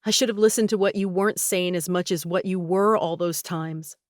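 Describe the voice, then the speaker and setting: A woman narrator voicing a tearful young woman, the estranged older sister, speaking softly and slowly. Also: fairly low pitch, fairly even intonation, no echo, clean studio sound, close to an everyday voice. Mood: pleading, tearful. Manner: soft, pleading, slow.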